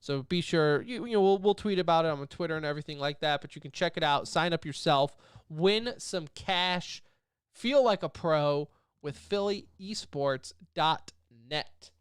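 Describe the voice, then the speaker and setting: A man's voice: fairly high pitch, moderate pace, smooth, no echo, clean studio sound. A man co-hosting an esports podcast, running through news items in a loose, joking way. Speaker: podcast co-host. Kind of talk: casual esports podcast chat.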